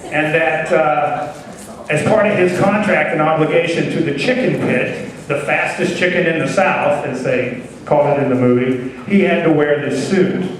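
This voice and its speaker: A man's voice: on the high side, normal speed, a little hiss or hum. A man emceeing a live show, chatty and rambling, with lots of fillers. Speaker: emcee of a writers' conference show. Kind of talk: casual stage emceeing. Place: large conference hall. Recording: echoey hall from far off.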